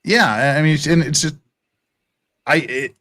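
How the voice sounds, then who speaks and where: A man's voice: fairly high pitch, a little slow. A man hosting a casual livestream about a trial, talking wryly and thinking aloud. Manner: lively, wry, thinking aloud. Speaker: show host. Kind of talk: casual livestream legal commentary.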